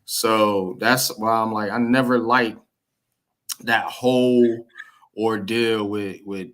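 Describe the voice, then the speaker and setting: A man's voice: lowish voice, fairly even intonation, slow, a bit bright. A man hosting a casual sports chat, blunt and profane, repeating "man" as he talks.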